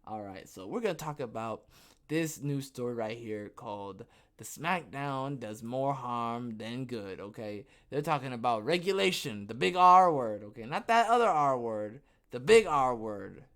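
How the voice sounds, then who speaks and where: A man hosting a podcast alone, reading a news story aloud with a jokey, rambling delivery, frequent "okay?" asides and sudden jumps in pitch and loudness. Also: expressive, measured pace. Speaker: podcast host.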